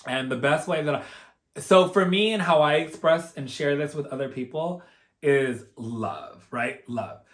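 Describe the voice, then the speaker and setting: This spiritual vlogger has a higher male voice, fairly bright and unhurried. He tells a personal anecdote casually and sincerely, wearing his feelings openly while wandering off track and filling gaps with "like" and "you know."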